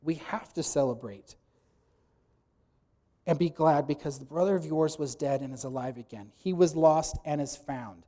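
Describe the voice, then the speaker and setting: Male preacher mid-sermon, emphatic teaching voice sitting a bit high, bursting loud on quoted lines. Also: normal speed.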